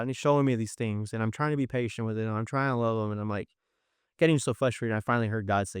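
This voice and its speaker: A man's voice: lowish voice, quick pace, clean tone, no echo, clean studio sound. A man giving a personal faith testimony, earnest and storytelling, acting out the voices of people he quotes. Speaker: testimony speaker.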